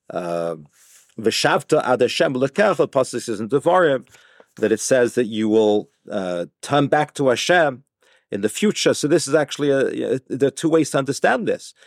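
A man teaching an informal Torah class, explaining slowly with frequent restarts and repeated words. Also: medium pitch, lively intonation, darkish tone, no room sound, clean studio sound. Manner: hesitant, many restarts, explanatory.

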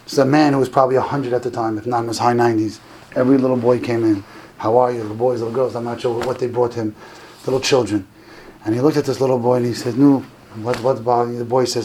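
A man delivers a Hanukkah talk to an audience, weaving stories and lessons. His voice sits in a middle register with a gravelly grain, and he lifts sharply in pitch and loudness when acting out what others said. Faint background noise sits under the recording. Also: rough recording. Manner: animated storytelling, climbs high and loud for quoted lines. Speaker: rabbi giving a talk.

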